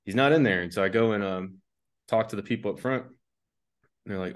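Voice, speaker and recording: A man's voice: on the low side, brisk. A man from the United States, a podcast guest and army veteran, telling a rambling, laid-back story and laughing along as he goes. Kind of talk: casual anecdotal storytelling.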